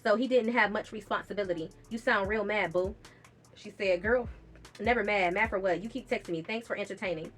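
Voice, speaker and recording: A woman's voice: medium pitch, fairly quick, fairly bright tone, faint music behind. A young woman, telling a personal story in a casual storytime vlog, blunt and profane, reading out text messages with bursts of laughter.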